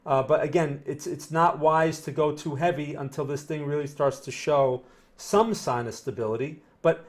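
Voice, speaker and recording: A middle-aged market analyst from northern New Jersey, with the accent to match, streams live market commentary, talking casually and reading viewer chat aloud as he answers it. He's conversational and repeats himself, his voice fairly high-pitched, steady in tone, and moderately paced.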